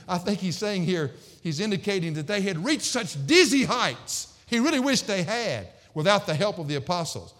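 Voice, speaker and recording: A man's voice: expressive, fairly quick, few pauses. Emphatic preacher man in a reverberant hall. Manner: emphatic, swings from loud sarcastic peaks to quiet low endings. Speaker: pastor. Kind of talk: sermon.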